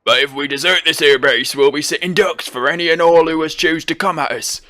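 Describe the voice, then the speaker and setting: A man voicing a gruff middle-aged male sky pirate, reading the game's lines aloud in an old-timey pirate growl. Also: a little high, fairly quick, pushed and bright, voice pushed up. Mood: grim. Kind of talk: reading game dialogue aloud in voices.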